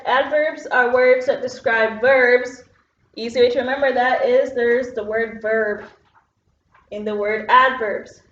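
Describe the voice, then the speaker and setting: A woman's voice: fairly high pitch, a bit bright. Patient woman teacher at a whiteboard. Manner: patient, explains step by step with filler words. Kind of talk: online phonics lesson at a whiteboard. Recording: roomy, dull lo-fi classroom sound.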